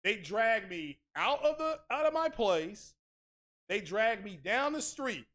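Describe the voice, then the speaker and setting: This tech channel host has a high-pitched, fairly bright voice that swings widely in pitch at a slow pace. His casual streamed rant is sarcastic and mock-outraged, full of exaggeration and crude, blunt street language.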